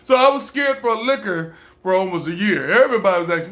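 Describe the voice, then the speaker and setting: A man's voice: sits high, animated, normal speed, fairly bright tone. A man casually telling a personal story, acting out other people's voices and laughing often.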